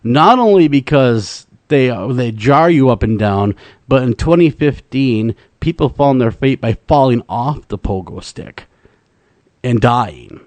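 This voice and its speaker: A man's voice: mid-range voice, lively intonation, a little slow, a little mellow, dry recording. A man hosting a late-night radio talk show, his voice swinging up and down with energy as he jokes and rambles. The sound is close and dry, with no room around it, picked up on a studio mic. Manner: joking, rambling, laughs easily. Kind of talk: casual radio banter.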